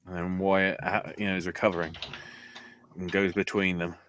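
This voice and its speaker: Guy on a podcast, lowish voice but bright and forceful, snarky rambling recap. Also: level tone, normal speed, slight background noise. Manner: rambling, sarcastic play-by-play with swearing. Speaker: podcast host. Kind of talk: casual recap chat.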